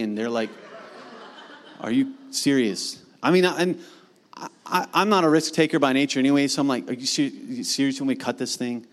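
A pastor in his thirties preaching a sermon in a casual, animated way, full of slang and acted-out asides. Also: medium pitch, brisk.

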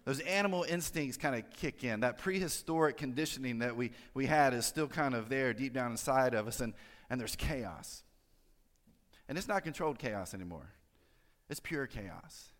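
A man's voice: medium pitch, moderate pace, in a large hall. A pastor giving a conversational sermon, drawing his listeners in with friendly tag questions.

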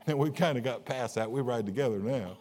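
A man preaching a sermon as pastor, folksy and jokey, with big swings between quiet asides and louder, higher bursts. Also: a little fast. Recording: long reverb of a large hall.

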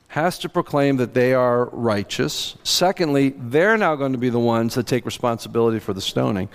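Pastor preaching in a reverberant church hall. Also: male voice, medium pitch. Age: middle-aged. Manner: conversational, animated quotes of biblical voices. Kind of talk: sermon. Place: church sanctuary.

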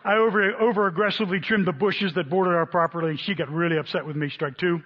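A man preaching a sermon, telling a story with lively acted-out quotes. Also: high-pitched, fast. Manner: animated storyteller, voices quotes loudly. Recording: dull sound in a long-reverb hall.

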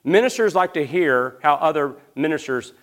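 A man preaching a sermon, swinging between loud, rising questions to the crowd and low, hushed storytelling. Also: animated, normal speed.

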